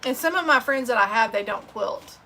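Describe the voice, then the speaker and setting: A woman's voice: a little high, lively intonation, brisk, bright, forceful tone. A woman hosting a sewing channel, chatting casually on a livestream and telling heartfelt, rambling stories.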